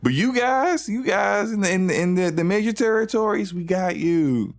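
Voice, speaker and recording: A man mockingly voicing a fawning, smug male company rep who turns dismissive, pitching his voice well above his own. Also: normal speed. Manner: overly accommodating, then dismissive.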